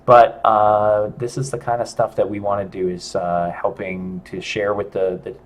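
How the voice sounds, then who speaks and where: A middle-aged man hosting a casual livestream chat, talking in a rambling, halting way with many restarts. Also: fairly low pitch, flat delivery, a little hiss or hum.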